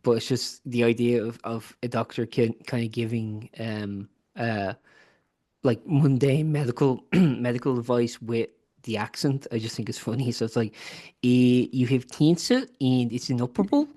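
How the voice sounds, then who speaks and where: A man's voice: medium pitch, fairly even intonation, moderate pace, mellow. A man hosting a casual podcast chat, rambling and laughing often as he jokes and trails off. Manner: rambling, laughing, mock voices. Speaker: podcast interviewer.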